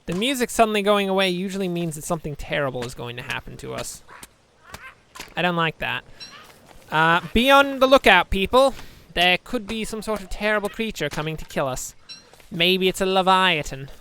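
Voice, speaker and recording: A man's voice: sits high, lively intonation, fairly quick, vocal fry, sharp tone, slight background noise. A man giving rambling, joking let's-play commentary, chatting to viewers with self-deprecating asides. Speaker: gameplay commentator.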